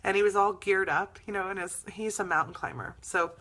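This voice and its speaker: Bright-voiced chatty woman host. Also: mid-range voice, fairly even intonation, brisk. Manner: chatty, laughs often. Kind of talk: casual storytelling chat.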